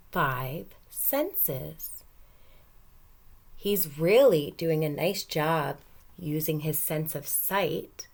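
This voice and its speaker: A woman teacher reading a picture book aloud to young children, gentle and encouraging, stopping to ask questions. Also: sits low, vocal fry.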